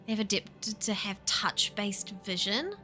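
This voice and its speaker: A young woman chatting casually on a livestream, animated, laughing often and swearing. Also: mid-range voice, a little slow, faint music behind. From New Zealand. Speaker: streamer.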